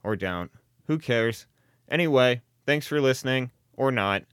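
A man's voice: medium pitch, animated, unhurried, clean tone, no echo, clean studio sound. A man hosting a solo podcast, rambling casually with constant swearing, self-deprecating jokes and sardonic asides. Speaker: podcast host.

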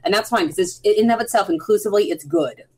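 A woman co-hosting a casual podcast chat, animated and opinionated. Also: mid-range voice, racing, husky. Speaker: podcast co-host.

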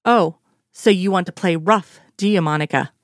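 A woman voicing a middle-aged male federal agent with a dry, teasing way of talking. The voice sits lowish and is recorded close and dead, with no room sound around it. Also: normal speed, dry recording, natural voice.

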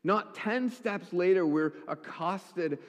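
A man's voice: sits high, takes it slowly. A male pastor preaching a sermon, telling a story with wry humorous asides. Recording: echoey hall.

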